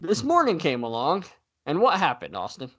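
A man co-hosting a casual sports podcast, talking in an animated way with frequent fillers and easy laughter. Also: on the high side, normal speed. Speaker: podcast co-host.

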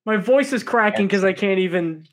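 A man's voice: high-pitched, moderate pace. A man co-hosting a casual sports podcast who drops dry, sarcastic quips. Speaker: podcast co-host.

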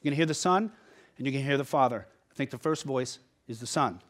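A man's voice: medium pitch, animated, fast, fairly bright tone. A man preaching a sermon as pastor, conversational and emphatic, often checking in with the listeners.

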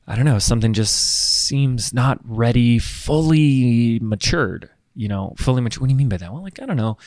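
A man hosting his own podcast, talking alone in an upbeat, chatty, animated way close to the microphone. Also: medium pitch, no echo. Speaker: podcast host. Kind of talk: casual solo podcast monologue.

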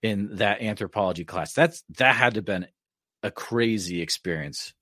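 A man's voice: lowish voice, moderate pace, sharp tone, no echo, clean studio sound. A man hosting a podcast, reacting with casual enthusiasm and asking his guest questions. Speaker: podcast host. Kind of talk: casual interview chat.

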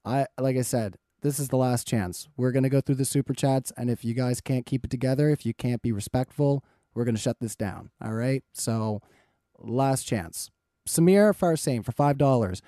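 Firm male debate moderator, mellow voice. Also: mid-range voice, moderate pace, dry recording, studio quality. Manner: firm and warning, reads paid chat messages aloud. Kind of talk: moderating a live-streamed debate, reading viewer messages.

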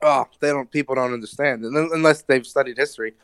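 Smooth-voiced enthusiastic man. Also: medium pitch, fast talker, a bit bright, no echo. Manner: enthusiastic, profane, says "you know what I mean" a lot. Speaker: podcast co-host. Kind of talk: casual TV recap chat.

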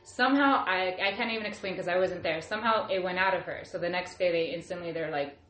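A woman's voice: on the low side, quick pace, fairly bright tone. A woman in her thirties telling a personal story casually, with lots of "like" and trailing restarts. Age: 30s. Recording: echoey room, faint ambience.

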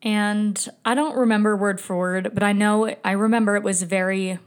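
A woman's voice: mid-range voice, steady tone, normal speed, clear, resonant tone. A woman podcast host telling a painful personal story in a candid, emotional way, with sighs and swearing.

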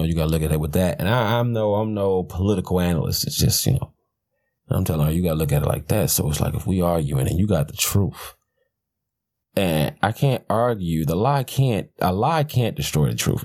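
Deep husky man ranting on a podcast. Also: brisk, darkish tone. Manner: profane, blunt, rambling with restarts. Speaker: podcast host. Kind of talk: casual rambling commentary.

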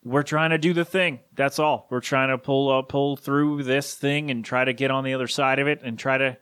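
A man, in his thirties, hosting a solo podcast and speaking haltingly with grief, his voice catching as he rambles through a tribute. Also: mid-range voice, fairly even intonation, fairly bright tone, smooth, dry recording, clean studio sound. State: grieving, voice catching. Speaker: podcast host.

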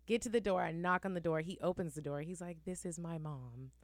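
Animated woman telling a story. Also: lowish voice, a little fast, dry recording. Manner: animated, profane, acts out the people in her stories. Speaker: podcast co-host. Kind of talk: casual storytelling chat.

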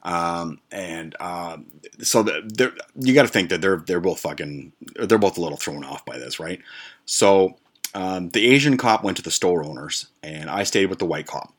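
A man with a low, deep voice tells a story in a loose, casual rant. He swears freely and keeps stumbling through fillers and restarts as he goes. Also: normal speed. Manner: profane, rambling, with many fillers and restarts. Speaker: podcast host.

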